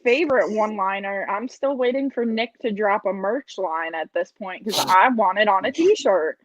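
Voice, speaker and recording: A woman's voice: medium pitch, moderate pace, no room sound, dull audio. A woman chiming in on a casual podcast chat, chatty and teasing.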